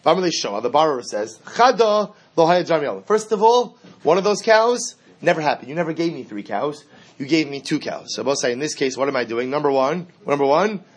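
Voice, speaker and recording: Male Talmud teacher, husky voice, emphatic and animated delivery. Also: a little high. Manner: animated, emphatic, acts out both sides of the case. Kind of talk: Talmud lecture.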